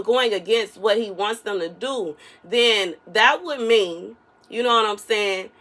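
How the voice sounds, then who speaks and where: A woman delivering a casual spoken prophetic message in her soft everyday voice, repeating phrases for emphasis and often asking "you know what I'm saying.". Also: mid-range voice. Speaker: online prophetic minister.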